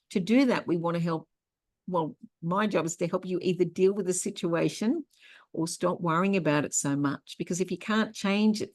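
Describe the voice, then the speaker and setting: A woman's voice: fairly low pitch, darkish tone. A middle-aged woman hosting an online workshop, teaching in a conversational way and telling personal stories. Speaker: workshop host and therapist.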